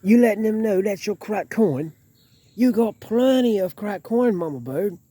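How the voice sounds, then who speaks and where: A man's voice: high-pitched, lively intonation, warm tone, no room sound, voice pushed up. A man doing a hammy wildlife show host. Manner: exaggerated, drawn-out announcing. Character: over-the-top male wildlife show host.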